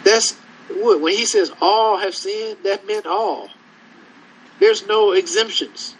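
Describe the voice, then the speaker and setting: A man preaching a sermon, slow and conversational, acting out scripture dialogue and drawing answers from the congregation. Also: sits high, slightly rough, poor audio.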